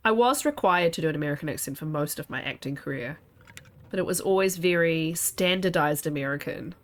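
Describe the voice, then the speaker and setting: This woman chats casually while streaming a game, laughing often and wandering between asides. Her pitch is fairly low, her pace a little fast, and she pauses often.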